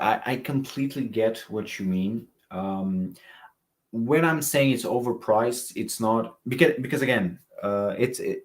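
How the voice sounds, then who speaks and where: Very low-voiced man reviewing fragrances. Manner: chatty, reads live chat comments aloud. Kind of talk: casual livestream review.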